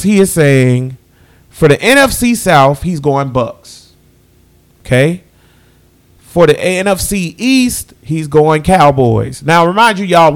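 Man, podcast host, loose casual chat, voice sits a bit high. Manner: loose, chatty, talks to listeners as y'all. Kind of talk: casual sports picks chat.

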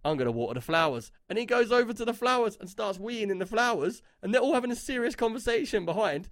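A man's voice: very high voice, fast talker, dry recording, studio quality. A man co-hosting a casual gaming podcast, chatty and given to telling stories and reading out chat comments. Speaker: podcast co-host.

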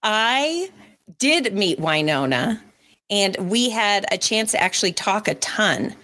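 A young woman in casual conversation, chatty and expressive, with a voice that sits at an ordinary middle pitch. She tells stories with lively swings and throws in little voices for the people in them. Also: slow pace. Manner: chatty and animated, acts out voices in her stories. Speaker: podcast co-host and former radio interviewer. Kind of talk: casual storytelling chat.

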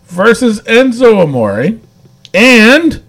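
A man's voice: very high-pitched, big pitch swings, takes it slowly, a bit bright. A man casually recapping wrestling episodes on a podcast, rambling with lots of fillers and frequent laughs. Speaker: podcast co-host.

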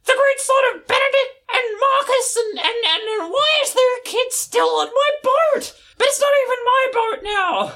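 A shrill, panicky old pirate yelps and whines way up high, each line swinging wildly. The tone stays frantic in a tabletop game. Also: female voice, lively intonation, normal speed, few pauses, pushed and bright, heavily acted. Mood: panicked. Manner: shrieking, panicky, whiny.

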